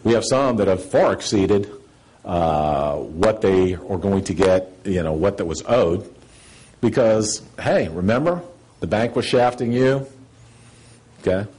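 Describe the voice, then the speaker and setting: A man giving a seminar lecture, blunt and sarcastic, acting out quoted questions in a higher voice. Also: expressive, unhurried, a little mellow, husky, rough recording.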